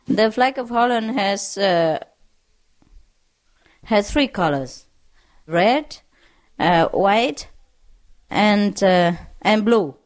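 A woman telling jokes to an audience, laughing through her punchlines and acting out the characters' lines. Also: medium pitch. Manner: acts out characters' lines in quoted voices. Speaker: joke teller.

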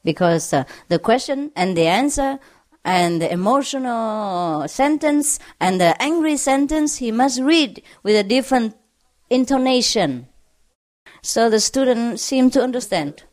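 Her voice is a little high, a little mellow, and expressive, and she takes her time telling jokes to a crowd. Laughter runs through her punchlines while she acts out the characters in quoted voices.

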